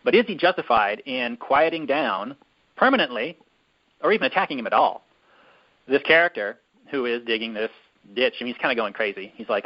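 A man hosting a casual chat, telling a long story in a rambling, drawn-out way with many fillers. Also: mid-range voice, animated. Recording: dull lo-fi recording.

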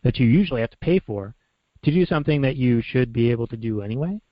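A male co-host muses aloud in a relaxed, casual manner, with some fillers. His voice sits at a middle pitch. The sound is dry, with no room echo, and dull and lo-fi. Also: quick pace. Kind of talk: casual chat.

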